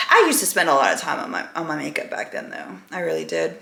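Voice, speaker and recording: Bright-voiced woman chatting in a roomy space. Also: sits low, huge pitch swings, fast, creaky, few pauses. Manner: rambling, candid, chatty. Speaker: vlogger. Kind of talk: casual weekly vlog chat. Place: at home, indoors.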